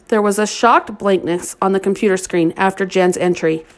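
A woman reading a novel aloud as an audiobook narrator, in a steady, expressive storytelling manner. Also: mid-range voice, normal speed, few pauses.

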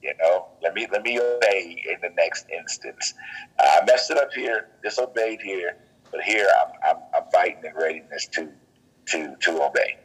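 A man's voice: deep voice, moderate pace, breathy edge, low-quality recording. A man in casual faith talk, earnest and preachy, often repeating his words as he goes.

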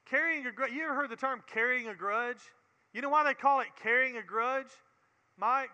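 A man's voice: extremely high pitch, normal speed, sharp tone, big-room sound. A man with a Southern US accent teaching a Bible sermon in an earnest way, often repeating words and building to emphatic preaching.

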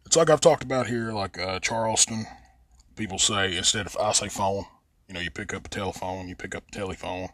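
A man's voice: on the low side, fast, fairly bright tone, dry recording. A man with a Southern Appalachian accent, rambling and cussing freely as a podcast host, drawling and stretching his vowels into a close mic. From West Virginia. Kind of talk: casual profane monologue.

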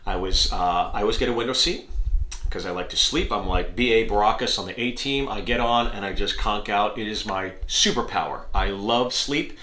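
A man, a comedian hosting his own podcast, telling a story in an animated way, acting out voices and laughing at himself. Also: lowish voice, moderate pace. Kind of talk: storytelling monologue. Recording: echoey room.

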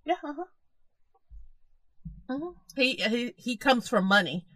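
A woman's voice: fairly high pitch, lively intonation, slow, fairly bright tone, no room sound. A woman co-hosting a casual podcast, emphatic and opinionated, often repeating herself for stress. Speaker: podcast co-host. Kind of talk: casual chat about current events.

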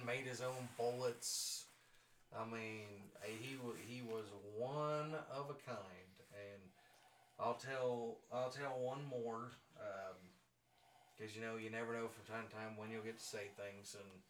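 A man's voice: medium pitch, fairly even intonation, takes it slowly, fairly bright tone. A man hosting a podcast, telling casual stories with a jokey, self-mocking manner and frequent laughter. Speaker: podcast host. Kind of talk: casual storytelling. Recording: roomy sound from a distant mic with faint noise.

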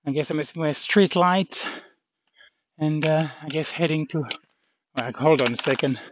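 Rambling man vlogging on a trail. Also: fairly high pitch. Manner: rambling, halting, many fillers. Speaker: walking pilgrim vlogger. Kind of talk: casual walking vlog. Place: outdoors on a hilly trail. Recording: dull lo-fi with faint noise.

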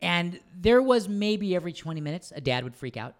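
A man's voice: high voice, brisk. A man hosting a podcast in casual chat, telling stories with lots of laughter and some swearing. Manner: animated storyteller, laughs often, swears. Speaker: podcast host.

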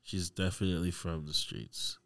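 A man's voice: sits low, fairly even intonation, gravelly, a bit bright. A man hosting a podcast in casual chat, joking and teasing his guest. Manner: joking, teasing, quick to laugh. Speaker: podcast host.

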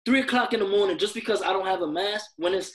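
High-voiced frustrated man, emphatic. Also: fast, poor audio. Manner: frustrated, emphatic, repeats himself. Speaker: podcast co-host. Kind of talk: heated podcast conversation.

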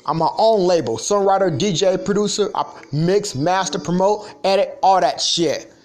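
A man hosting his own podcast, telling a profane, animated story in casual talk. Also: normal speed. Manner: profane, animated storytelling, mimics others in a higher voice. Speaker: podcast host. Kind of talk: casual ranting monologue.

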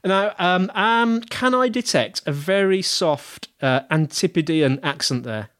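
A man's voice: high-pitched, expressive, measured pace, a bit bright. A man hosting a podcast interview, with dry jokes and a bit of stammering. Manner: dry, joking, some stammering. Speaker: podcast host.

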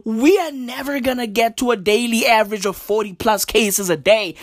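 Young woman, comic rant, exasperated and profane, swings her pitch widely, dry close recording. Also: expressive, normal speed, dry recording. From South Africa. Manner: exasperated, swearing, repeats slang "bruv". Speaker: comedian. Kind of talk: stand-up style rant.

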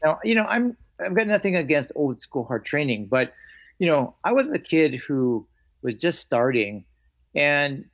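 A man who teaches martial arts, telling stories of his training in an animated way and acting out the lines of others. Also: on the high side, measured pace. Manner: animated, acts out quoted lines. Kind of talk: storytelling in a conversation. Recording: dull lo-fi audio.

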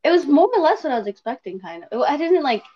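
Woman co-host, higher voice, hesitant with fillers, dull lo-fi call sound. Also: sing-song, fast. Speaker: podcast co-host. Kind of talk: casual chat. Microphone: remote call recording.

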